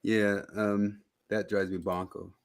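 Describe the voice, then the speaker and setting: A man's voice: fairly low pitch, level tone, slow. A man hosting a podcast in a playful, joking way. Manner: playful, joking, goes into silly voices. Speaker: podcast host. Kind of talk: casual chat.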